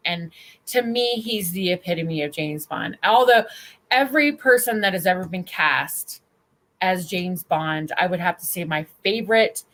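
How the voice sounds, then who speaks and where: Animated bawdy woman streamer. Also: on the low side. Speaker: stream host. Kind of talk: casual livestream chat.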